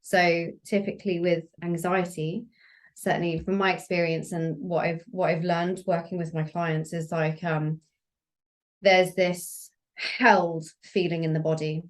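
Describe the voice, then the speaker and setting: Calm, low-voiced woman guest. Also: unhurried. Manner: calm, gentle, explanatory. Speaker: somatic practitioner guest. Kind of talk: relaxed podcast conversation.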